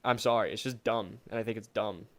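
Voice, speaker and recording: A man's voice: fairly low pitch, fairly even intonation, a little fast, fairly bright tone. A young man co-hosting a podcast, chatting casually with sarcastic jokes and frequent swearing. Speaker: podcast co-host. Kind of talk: casual chat.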